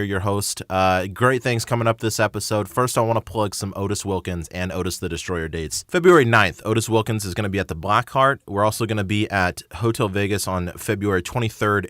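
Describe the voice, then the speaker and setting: Male podcast host, 30s, low voice, rambling comic rants, dry close recording. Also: a bit bright, dry recording. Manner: rambling, jokey, ranting. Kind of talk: casual podcast monologue.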